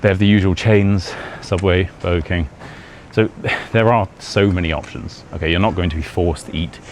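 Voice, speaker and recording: Here the British YouTuber and English teacher talks at normal speed in a low-pitched voice with fairly even intonation. His vlog chat is loose and chatty, full of laughter as he teaches about his homeland, with street noise in the background.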